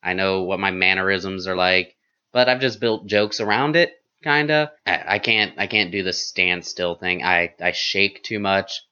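A flamboyant man talking casually about his stand-up, animated and full of fillers. His voice is lowish but bright and forceful, and the recording sounds slightly dull and lo-fi. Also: unhurried, smooth. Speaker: stand-up comedian. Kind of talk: casual chat.

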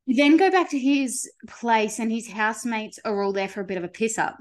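A woman's voice: a little high, expressive, a little fast. A young woman co-hosting a podcast, reading out listener stories in casual chat, laughing often and swearing casually. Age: young adult. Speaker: podcast co-host.

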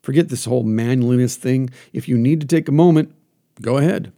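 A man hosting a solo talk, coaching the listener earnestly and putting questions to himself out loud. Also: mid-range voice, brisk, gravelly. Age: adult, teaches classes. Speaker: podcast host.

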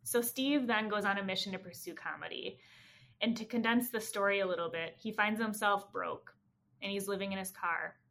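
Woman host telling a story, lively, does little voices for quotes. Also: mid-range voice, moderate pace. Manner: animated retelling, acting out quotes. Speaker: podcast host. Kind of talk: casual storytelling.

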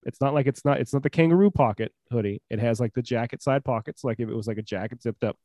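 A man's voice: medium pitch, fast talker, warm tone, no room sound. A young man co-hosting a podcast, chatting casually in a jokey, rambling way with lots of fillers. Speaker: podcast co-host. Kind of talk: casual chat.

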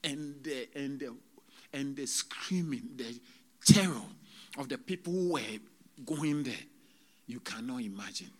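A man preaching a sermon to a congregation, swinging between loud exclamations and hushed, whispered retelling, halting often as he speaks. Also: medium pitch, lively intonation. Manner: halting, with many restarts and drawn-out words. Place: church service.

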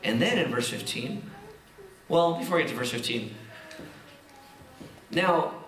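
A man preaching a sermon, reading scripture slowly and explaining it in a lively, conversational way with casual asides. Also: mid-range voice, echoey room. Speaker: pastor.

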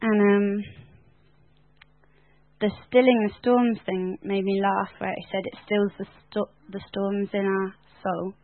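A woman teaching at a Bible school in an animated, sermon-like way, laughing often and filling her talk with "like". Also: medium pitch, a little slow. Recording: tinny phone-like sound.

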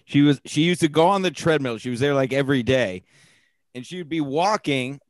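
A man, a guest on a podcast, telling rambling excitable stories in casual banter. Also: on the high side, fairly quick, no echo.

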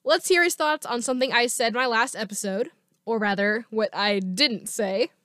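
Woman podcast host, upbeat fan chatter, bright-pitched, close dry mic. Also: normal speed, no room sound. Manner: chatty and enthusiastic. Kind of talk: casual solo podcast talk.

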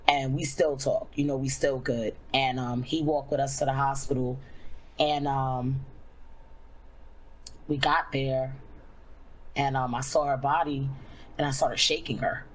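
A young adult woman, a streamer, telling a personal story candidly in a casual way, full of fillers and slowing down when she reflects. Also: extremely low pitch, fairly even intonation, poor audio.

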